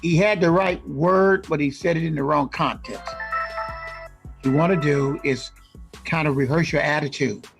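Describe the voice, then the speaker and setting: A man co-hosting a casual radio show, giving animated advice to recording artists. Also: on the high side, normal speed, vocal fry, over music. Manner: animated, acts out rap lines and ad-libs. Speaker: co-host giving music industry advice.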